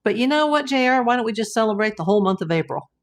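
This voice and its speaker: A woman's voice: on the high side, lively intonation, very fast. Woman livestream host, chatty, reads chat aloud and greets viewers by name.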